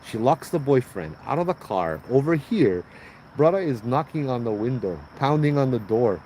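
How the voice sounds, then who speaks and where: A man with a Hawaiian Pidgin accent hosting a livestream, telling a ghost story in a lively way and putting on high voices for the people in it. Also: moderate pace, slight background noise, low-quality recording. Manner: animated, acts out voices in high pitch. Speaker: host telling ghost stories.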